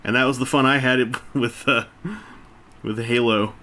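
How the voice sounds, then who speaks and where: A man's voice: mid-range voice, fairly even intonation, moderate pace, bright, forceful tone, a little hiss or hum. A man casually chatting while he builds a brick set, rambling along with self-mocking jokes and asides. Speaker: toy-building video host. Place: indoors at a table.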